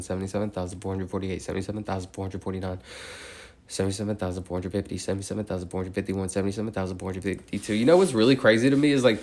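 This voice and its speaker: A man on a live stream counting numbers aloud, breaking into chatty tangents packed with "like". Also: low-pitched. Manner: fast, steady number recitation broken by chatty tangents full of "like".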